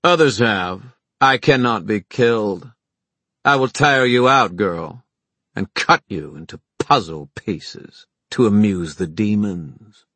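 A man's voice: on the low side, animated, slow pace, fairly bright tone, no room sound, heavily acted. A man reading an audiobook, voicing an arrogant, ruthless young male villain in a sneering, commanding tone. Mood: menacing.

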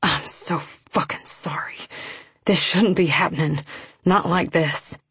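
Woman doing a tortured young guy, low and hushed, husky, dry close sound. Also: a little slow, no room sound. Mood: anguished. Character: torn, anguished young man, gentle lover.

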